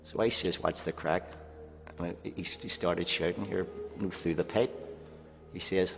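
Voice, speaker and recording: A man's voice: sits low, a little slow, vocal fry. A man in his sixties with a Northern Irish accent, recounting prison memories in a documentary interview and habitually dropping "here" into his sentences. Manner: keeps dropping "here" into sentences, flat storytelling. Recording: reverberant room with faint music.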